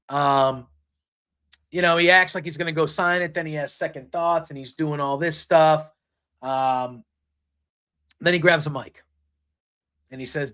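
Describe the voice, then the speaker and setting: A man's voice: on the high side, pushed and bright. A man hosting a casual solo wrestling recap, retelling the action play by play with frequent ums. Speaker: wrestling show recap host.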